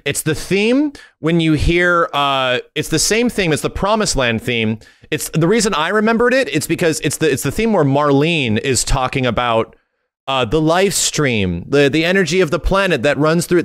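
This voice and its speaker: A man hosting a gaming channel, recapping a game preview in an excitable, profane way, full of fillers and hummed tunes. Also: on the high side, moderate pace, clean tone. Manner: excitable and profane, with lots of fillers and sung hums.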